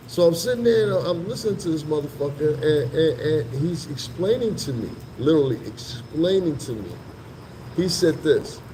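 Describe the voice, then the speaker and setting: A man's voice: a little high, expressive, moderate pace, dark tone, a little hiss or hum, rough recording. A man vlogging in a casual, rambling storytelling monologue that is profane and full of asides. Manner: profane, rambling, laughs between remarks.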